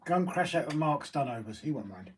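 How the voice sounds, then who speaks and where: A man co-hosting a casual live stream, chiming in with relaxed short remarks. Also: mid-range voice, fast.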